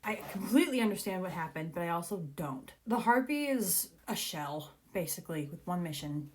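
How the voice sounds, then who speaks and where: Young woman, book reaction vlog, giggly, gushing, teary excitement, lively swinging pitch. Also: brisk, slight background noise. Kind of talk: excited reading reaction chat.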